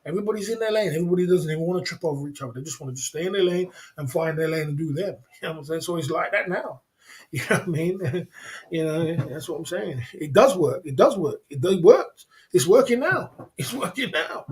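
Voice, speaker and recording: Fast-talking man ranting on a livestream. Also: a little high, animated. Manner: repetitive, emphatic, chuckling between points, keeps asking "you know what I mean". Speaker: livestream host. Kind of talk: casual livestream rant.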